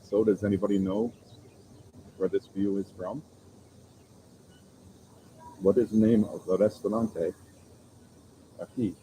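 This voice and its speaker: A man with a deep, warm voice chats casually on a live stream from an outdoor seaside restaurant. He rambles easily and talks straight to his viewers. Faint insect sounds hum in the background. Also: a little slow, long pauses, rough recording. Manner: relaxed, rambling, chatting with viewers. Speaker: vlogger hosting a live stream. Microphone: phone camera.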